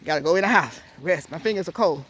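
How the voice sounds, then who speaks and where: A gardening vlogger giving a casual, rambling walking tour of a garden outdoors, out of breath and pausing to recall plant names. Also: mid-range voice, lively intonation, fairly bright tone, slightly rough.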